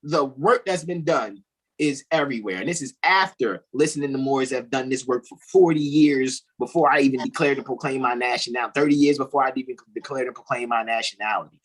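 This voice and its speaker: A man's voice: mid-range voice, a little fast, breathy edge, poor audio. A man hosting a casual podcast, talking in an emphatic, preachy way and often repeating "all righty". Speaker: host.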